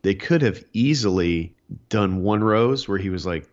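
Low-voiced chatty man co-hosting. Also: animated, a little slow, lo-fi sound. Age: older. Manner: chatty, joking, chuckles often. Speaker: podcast co-host. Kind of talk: casual chat recapping a reality show.

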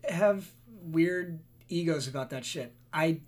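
A man's voice: on the high side, slow pace. A man, a location manager, talking in a laid-back, easygoing way as a guest in a casual chat, thinking aloud.

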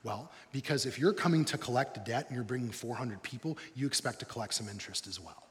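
A man preaching a sermon as pastor, telling the story in a lively, humorous way. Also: mid-range voice, fast, in a large hall.

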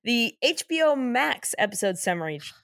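A woman's voice: fairly high pitch, very animated, moderate pace, vocal fry, fairly bright tone, dry recording, clean studio sound. A woman co-hosting a podcast who reads out episode facts in casual chat and giggles often. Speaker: podcast co-host.

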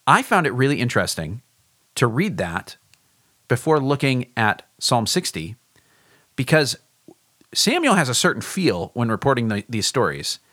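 A man's voice: medium pitch, sing-song, moderate pace, long pauses, a bit bright, dry recording, studio quality. A man, a pastor, leading a podcast bible discussion and explaining the background in an explanatory way with hesitant restarts.

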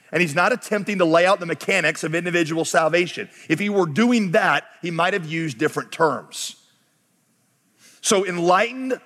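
A man preaches a sermon in a high voice, building to impassioned shouts before falling back low and fast. His words ring through a church sanctuary with a long reverb. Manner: impassioned, rising to shouts, then dropping low and quick. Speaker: pastor. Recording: long reverb of a large hall.

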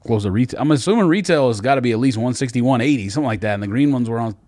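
A man's voice: mid-range voice, expressive, racing, a little mellow, dry recording. A young man co-hosting a casual podcast, sounding laid-back and skeptical with dry remarks. His voice is recorded close and dry, with no room sound. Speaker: podcast co-host. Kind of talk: casual chat.

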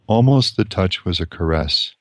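A priest reading from a novel and reflecting on it in a slow, measured way with pauses. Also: male voice, sits low, animated, fairly bright tone, no echo.

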